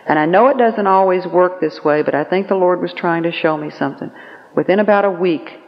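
A woman giving a Christian teaching message at a conference, telling stories in an earnest, measured way. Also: lowish voice. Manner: storytelling, earnest, slow emphatic phrasing. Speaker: conference speaker. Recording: lo-fi recording with long reverb.

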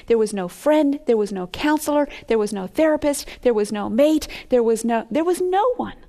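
A middle-aged woman giving earnest, expressive Bible teaching, sometimes dropping to a hush. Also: fairly high pitch.

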